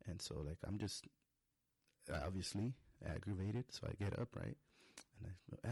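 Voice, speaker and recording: A man's voice: deep voice, a little fast, creaky, a little mellow, breathy edge, dry recording. A young adult man on a podcast, telling a rambling, profane story in a casual monologue. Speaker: podcast host.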